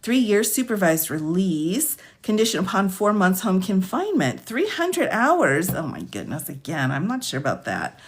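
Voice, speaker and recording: A woman attorney hosting a casual livestream, reading out charges and sentences quickly, chatting with viewers by name and laughing often. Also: mid-range voice, sing-song. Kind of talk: casual livestream commentary reading case lists.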